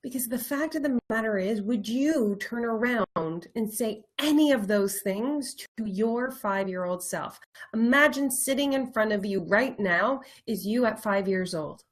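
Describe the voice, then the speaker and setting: A woman life coach giving an earnest motivational talk to viewers, stressing points by repeating words and now and then dropping to a slow, soft reflective tone. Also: fairly high pitch, lively intonation.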